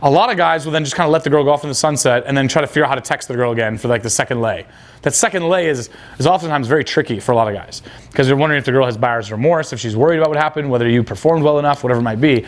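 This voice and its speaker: A man's voice: medium pitch, very fast. A young man coaching on dating, blunt and crude, acting out quoted dialogue. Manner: blunt, casual, crude slang. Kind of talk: coaching talk.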